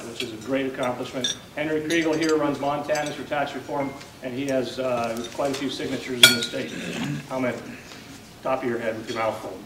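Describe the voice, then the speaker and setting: A man's voice: mid-range voice, fairly even intonation, fairly quick, noisy background. Distant male host in a roomy hall. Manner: plain, conversational, with frequent "uh" fillers. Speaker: event host introducing a speaker. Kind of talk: luncheon speech and introduction. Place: banquet hall at a lunch event. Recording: roomy, distant mic with clinking dishes.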